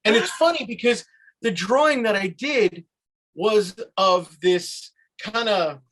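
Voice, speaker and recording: Man, high voice, podcast host, animated storyteller, acts out voices, casual swearing. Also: slow pace, poor audio. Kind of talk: casual chat.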